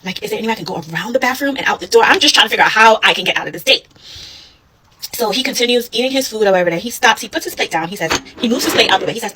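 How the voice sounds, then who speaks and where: A woman casually telling a story with animated, fast delivery and acted dialogue. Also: medium pitch, slight background noise, rough recording.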